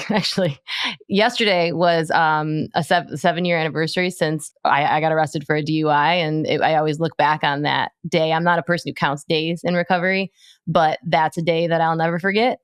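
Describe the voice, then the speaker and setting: A woman's voice: deep voice, fairly even intonation, a little fast, clean tone, no echo, studio quality. A woman hosting a casual podcast interview, chatty and encouraging, laughing easily. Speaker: podcast host.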